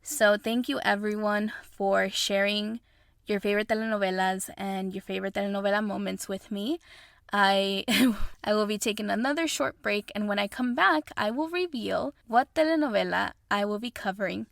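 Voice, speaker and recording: A woman's voice: mid-range voice, moderate pace, vocal fry, a bit bright, no echo, clean studio sound. A young woman from Mexico whose first language is Spanish, hosting a podcast in a chatty, effusive way. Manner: chatty and effusive, says y'all. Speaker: podcast host. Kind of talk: casual solo podcast chat.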